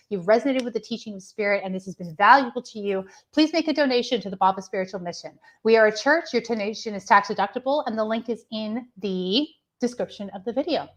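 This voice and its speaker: A woman giving gentle, affectionate channeled readings on a live stream. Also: mid-range voice. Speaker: spiritual medium giving readings.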